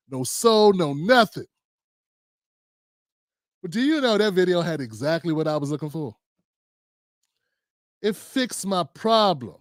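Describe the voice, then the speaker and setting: A man hosting his own live stream show, telling a story in casual slang with lively voices and sung riffs. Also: sits high, no echo, studio quality. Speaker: host.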